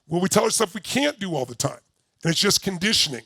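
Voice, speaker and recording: An older man giving a workshop talk to a live audience, telling a personal story with lots of energy and shouting out repeated phrases. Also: high-pitched, big pitch swings, brisk, creaky, dry recording. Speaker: motivational speaker.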